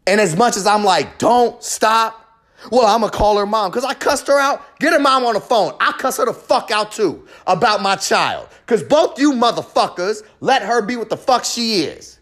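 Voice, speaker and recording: High-voiced man in a heated profane rant. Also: sing-song, moderate pace, few pauses, a bit bright. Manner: heated, profane, emphatic ranting; repeats short punchy phrases. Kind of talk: confessional monologue.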